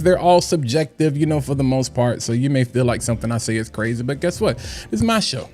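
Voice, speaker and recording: A man hosting a casual livestream chat, loud and playful, shouting out people in the chat and often asking "you know what I'm saying". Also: medium pitch, fairly quick. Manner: hype, animated, shouts out chat names; loud, playful, breaks into singing and scatting. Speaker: livestream host.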